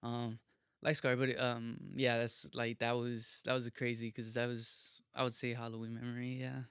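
A man's voice: mid-range voice, normal speed, clean tone, no room sound, clean studio sound. A young man telling a wild story in casual podcast chat, swearing a lot and stacking fillers. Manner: profane, animated storytelling with lots of fillers.

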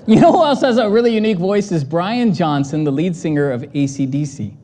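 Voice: brisk, some chatter behind, slight background noise. A pastor giving a conversational, playful sermon. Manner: conversational and playful, animated pitch swings.

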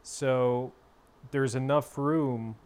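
A man's voice: medium pitch, fairly even intonation, extremely slow, a little mellow. A young man co-hosting a podcast, telling a rambling story in casual chat with lots of "uh" and "you know". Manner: rambling storyteller, many fillers and restarts. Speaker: podcast co-host.

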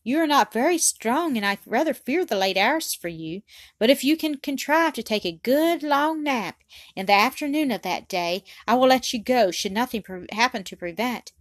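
A woman reading the part of a strict but tender Victorian father, speaking in a measured, formal, gently firm way. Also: fairly high pitch, expressive, dry recording, voice pushed up, lightly acted.

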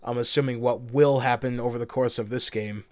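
A man co-hosting a podcast in loose, rambling chat, laughing often and dropping casual swears. His voice is smooth and resonant. The sound is dry and close. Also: medium pitch, fairly even intonation, fairly quick, a little mellow, no room sound. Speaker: podcast co-host.

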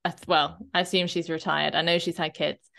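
A woman fitness coach co-hosting a podcast, chatting casually and often checking in with a quick "right?". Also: sits low, gravelly. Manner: chatty, animated, often tags a questioning "right?".

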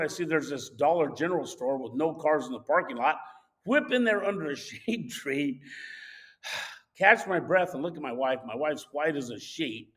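A man casually telling a personal anecdote, animated and acting out the shouting of people in it. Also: a little high, poor audio. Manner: animated, acts out shouted quotes. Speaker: storyteller.

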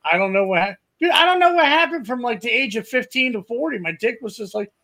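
Male co-host, higher voice, foul-mouthed rowdy storyteller, casual podcast banter. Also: animated, fast talker. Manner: profane, rowdy storytelling with loud put-on quotes. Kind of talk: crude casual chat.

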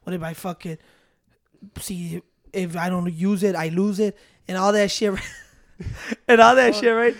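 A young man with a gravelly, fry-edged voice, talking in a loose, profane, rambling way. He tells his stories with animated energy. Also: sits high, normal speed. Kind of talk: casual chat mixing English and Spanish.

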